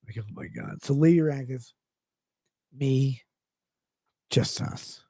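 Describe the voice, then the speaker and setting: A male streamer rambles through chat messages with profane, offhand jokes. His voice is gravelly and husky. It sits a little high and sounds dry and close to the mic. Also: takes it slowly, dark tone, dry recording. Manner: reads chat messages aloud. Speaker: livestream host reading chat.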